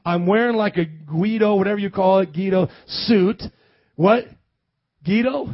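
Midwest pastor guy preaching, high voice, dull dry lo-fi sound. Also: normal speed, no room sound. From American Midwest. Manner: animated, calls for congregation responses. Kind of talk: sermon.

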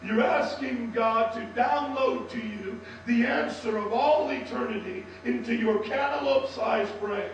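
A male pastor with a strained, worn voice, preaching an impassioned sermon that swings into shouts for emphasis. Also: very high-pitched, unhurried, few pauses, muffled recording. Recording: echoey hall from far off with faint hum.

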